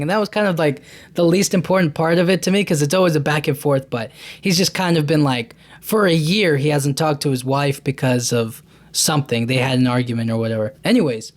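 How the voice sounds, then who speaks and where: A man hosting a podcast, casually recapping a movie in a loose, rambling way with many restarts and fillers. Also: fairly high pitch. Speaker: podcast host.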